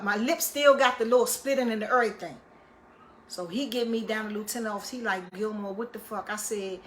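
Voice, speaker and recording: A woman telling a story in a casual monologue, animated and full of profanity, acting out the dialogue she quotes. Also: mid-range voice, brisk, a little hiss or hum. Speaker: storyteller recounting prison life.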